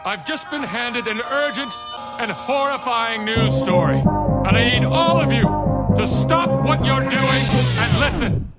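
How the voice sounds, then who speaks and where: Man putting on a dramatic newsman, very high, swooping pitch, slow grandiose delivery, loud music behind. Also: big pitch swings, heavily acted. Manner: grandiose, drawn-out announcing. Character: booming dramatic male news announcer.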